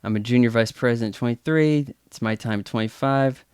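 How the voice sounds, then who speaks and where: A man's voice: medium pitch, brisk, a little mellow, smooth, no echo, clean studio sound, natural voice. A man voicing a boastful, cocky young male banker in an over-the-top mock delivery. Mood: smug.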